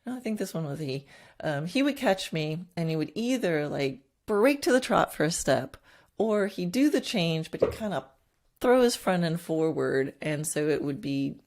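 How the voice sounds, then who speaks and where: A woman's voice: low voice, big pitch swings, normal speed, a little mellow. A middle-aged woman hosting a solo podcast as a horse trainer, talking reflectively, laughing often and acting out inner thoughts in quoted asides.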